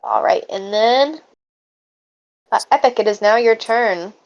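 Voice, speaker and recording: A woman's voice: fairly high pitch, unhurried. A woman narrating a tabletop game as game master, with vivid descriptive narration. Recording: dull lo-fi audio.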